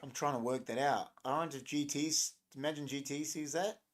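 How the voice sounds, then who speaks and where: A man's voice: fairly high pitch, fairly even intonation, brisk. A young adult man, hosting a casual livestream, rambling and joking as he reacts to viewers' chat comments. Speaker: livestream host. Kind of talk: casual live-stream chat.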